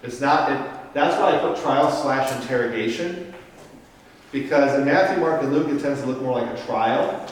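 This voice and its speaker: A man's voice: medium pitch, normal speed, distant mic, slight background noise. A man, a parish priest, teaching a Bible study in a casual, step-by-step way, often checking in with the group. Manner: explains step by step, checks in with "Okay?". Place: parish meeting room. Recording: echoey room, voice picked up from afar.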